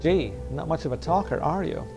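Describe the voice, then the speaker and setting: A man's voice: a little high, brisk, music in the background, natural voice. A man doing a chatty American taxi passenger. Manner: chatty, teasing. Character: mysterious talkative male taxi passenger.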